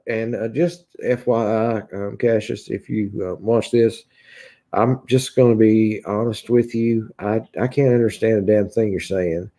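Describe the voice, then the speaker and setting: Kentucky man, gravelly low voice, casual halting livestream host answering chat. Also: steady tone, warm tone. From Kentucky, USA. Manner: halting, heavy with filler sounds and restarts.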